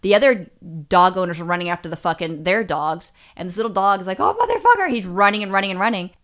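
A woman with a fairly low voice tells her stories bluntly, swearing freely and restarting her sentences. Her talk is loose, casual chat. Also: fairly even intonation, quick pace, a bit bright, clean tone. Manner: profane, blunt storyteller with many restarts. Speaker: podcast co-host.

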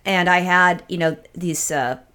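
A woman's voice: fairly low pitch, unhurried, clean tone. A woman from California co-hosting a podcast, telling stories in casual, profane chat. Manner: profane, animated storytelling. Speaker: podcast co-host.

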